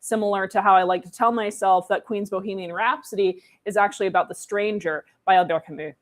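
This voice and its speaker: A woman's voice: mid-range voice, steady tone, brisk. A woman co-hosting a livestream, chatting playfully and rambling, often laughing. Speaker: livestream co-host. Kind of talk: casual chat.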